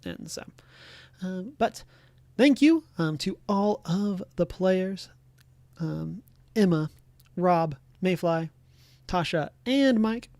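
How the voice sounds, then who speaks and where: A game master wrapping up a tabletop session, talking in a relaxed, rambling way. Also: medium pitch, slow pace, pauses often, no room sound. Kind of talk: casual game master narration.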